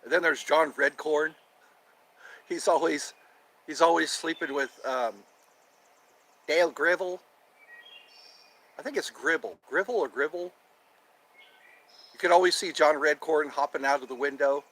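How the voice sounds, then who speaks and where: Brief: man host, goofy and rambling, high voice with a lot of bounce in it. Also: animated, measured pace, pauses often, bright, forceful tone, breathy edge. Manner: playful, goofy, drifts between topics. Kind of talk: rambling casual monologue.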